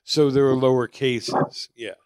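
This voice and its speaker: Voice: medium pitch, fairly even intonation, unhurried, a loud crowd. A podcast co-host chatting casually, mostly giving short reactions and questions. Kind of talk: casual chat.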